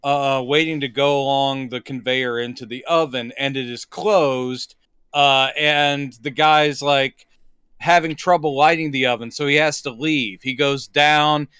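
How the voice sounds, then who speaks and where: A man co-hosting a casual movie podcast, recapping the plot in a relaxed way. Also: medium pitch, unhurried, clean tone, no echo, studio quality. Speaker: podcast co-host. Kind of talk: casual movie review chat.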